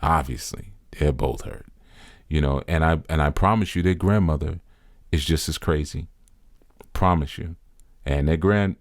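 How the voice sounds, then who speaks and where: A man's voice: extremely low pitch, no echo, clean studio sound. A middle-aged man giving earnest, preacher-like commentary, repeating phrases for emphasis. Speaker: spiritual teacher commenting on a video. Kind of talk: reflective commentary monologue.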